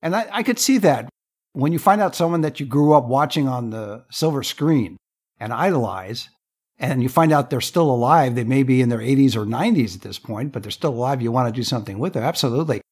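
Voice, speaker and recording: A man's voice: medium pitch, lively intonation, fairly quick, darkish tone, husky. A man hosting a podcast who asks long, rephrased questions of his guest. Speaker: podcast host. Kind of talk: interview questions.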